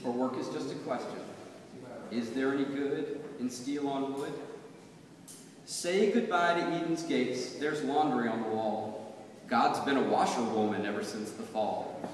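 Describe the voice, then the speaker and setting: A man reciting his own poems in a measured, rhythmic way at a reading. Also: medium pitch, fairly even intonation, a little hiss or hum. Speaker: poet. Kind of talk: poetry reading. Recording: echoey hall from far off.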